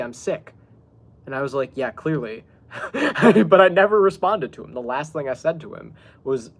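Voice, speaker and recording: A man hosting a podcast, telling a story in a casual, exasperated way, laughing often and swearing as he quotes the people involved. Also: on the high side. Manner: exasperated, laughing, swearing, quoting others in recounted dialogue. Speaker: podcast host.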